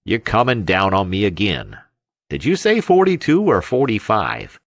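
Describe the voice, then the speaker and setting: A man voicing a fat, tubby little old fisherman in an audiobook, snappish and grumbling in a slow drawl. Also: lowish voice, huge pitch swings, dry recording, voice pushed up, exaggerated voice. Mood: grumpy.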